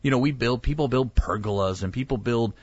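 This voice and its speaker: In a casual chat, a male pastor with a mid-range voice speaks briskly, telling stories animatedly and acting out the voices of the people he quotes. The recording is dry and lo-fi.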